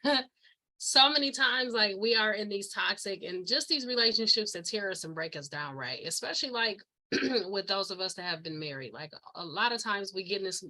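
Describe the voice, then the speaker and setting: Bright-voiced woman hosting an interview. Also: fairly low pitch, low-quality recording. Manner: warm, affirming, frequent backchannels. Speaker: host. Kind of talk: interview chat.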